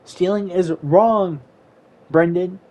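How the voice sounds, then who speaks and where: A man's voice: high-pitched, steady tone, slow, darkish tone, pitched above the performer's own voice. A man voicing a stern police officer who lectures in a matter-of-fact, scolding way.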